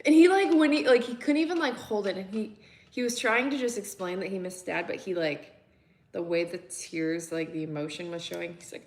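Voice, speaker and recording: A woman's voice: mid-range voice, lively intonation, normal speed, a bit bright. Chatty woman vlogging from her kitchen. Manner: chatty, rambling, laughs often. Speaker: vlogger and mother of three boys. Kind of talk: casual chat with viewers while doing chores. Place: home kitchen.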